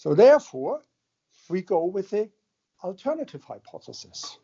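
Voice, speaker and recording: A man's voice: sits high, very animated, normal speed, gravelly, warm tone, breathy edge, muffled recording. A man giving a university lecture in a conversational, joking way, often checking in with his listeners. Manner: conversational, jokey, checks in with the audience. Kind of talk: classroom lecture.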